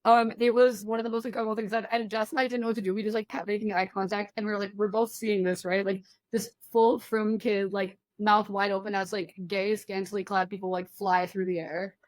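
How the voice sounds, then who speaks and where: A young woman joins a podcast as a guest and tells stories in a loose, animated way, full of fillers and quick laughs. Her voice sits at a middling pitch. The recording is dry and close. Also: no room sound. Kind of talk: casual chat.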